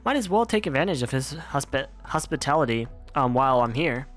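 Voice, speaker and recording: A skeptical foreign dignitary grumbles and sighs in a low, sardonic voice, as a man voices him. His pitch still wanders widely. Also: big pitch swings, fairly quick, a bit bright, soft background music. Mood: grumbling.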